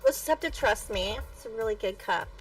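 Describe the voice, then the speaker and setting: High-voiced giggly woman on a call. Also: animated, a little fast, distant mic, soft background music. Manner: giggly, playful. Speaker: guest on a call. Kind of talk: casual chat on a voice call.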